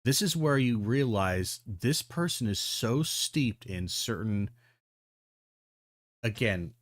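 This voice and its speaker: A man's voice: fairly low pitch, expressive, slow pace, dry recording, clean studio sound. A man giving casual, rambling video commentary, full of ums, restarts and the odd swear word.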